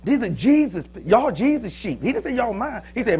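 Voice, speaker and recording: A pastor preaching a sermon in a joking, lively manner, with sudden loud, high bursts. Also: male voice, normal speed, husky. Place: church.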